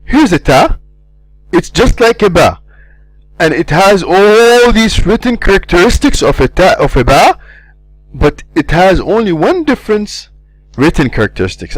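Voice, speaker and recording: Lively-voiced male language teacher. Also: mid-range voice, dry recording, low-quality recording. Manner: repeats syllables slowly to demonstrate sounds. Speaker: Arabic teacher. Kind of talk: pronunciation lesson.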